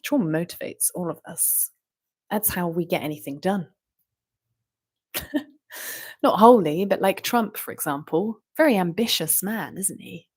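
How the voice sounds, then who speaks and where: A woman's voice: fairly low pitch, expressive, measured pace, pauses often, breathy edge. Rambling woman musing aloud. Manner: meandering, full of fillers and rhetorical questions. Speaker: vlogger. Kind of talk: rambling stream-of-consciousness monologue.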